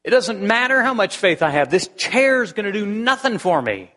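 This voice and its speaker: A man's voice: high voice, very animated, normal speed, bright, forceful tone. A male pastor preaching a sermon in a conversational way, restarting phrases and firing rhetorical questions. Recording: long hall reverb.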